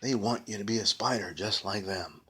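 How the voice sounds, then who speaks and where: A man's voice: moderate pace, sharp tone, slightly rough. A man voicing a mean old female witch in a storybook reading, with a cracked, screeching voice. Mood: gloating. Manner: shrill and bossy.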